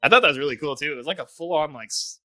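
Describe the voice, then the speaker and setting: A man's voice: fairly high pitch, racing, bright, forceful tone, no echo. A young man in casual chat, animatedly retelling movie scenes with lots of swearing and laughter. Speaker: podcast co-host, film reviewer.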